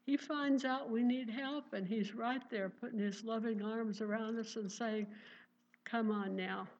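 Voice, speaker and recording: A woman preaches a sermon in a fervent, heartfelt voice that sits a little high, often breaking into exclamations of praise. The recording is dull and lo-fi. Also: steady tone, normal speed, a little mellow.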